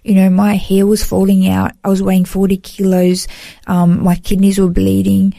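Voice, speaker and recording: The speaker is an Australian woman offering a personal testimony as a guest, emotional and sincere, with "you know" cropping up often. Her medium-pitched voice is gravelly and warm, delivered completely flat at a moderate pace, with no echo.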